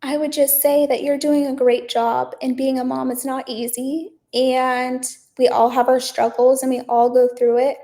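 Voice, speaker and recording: A young woman speaks as a podcast guest, chatty and full of fillers. Her voice is fairly high but stays flat, with little rise or fall. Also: normal speed, few pauses. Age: young adult. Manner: chatty, leans heavily on "like" and "um". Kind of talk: casual interview chat.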